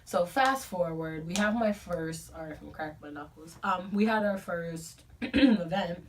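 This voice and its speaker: A woman's voice: on the low side, a little slow. A young woman vlogging about a book, telling a casual, profane story with lots of fillers to the camera she films herself on. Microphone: camera filming herself. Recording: a bit distant from the mic, faint room noise.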